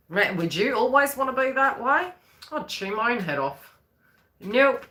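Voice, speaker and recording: Lively bright-voiced woman giving a reading. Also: fairly high pitch, unhurried. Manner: chatty, rambling, acts out quoted voices. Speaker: psychic reader. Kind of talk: live-stream reading.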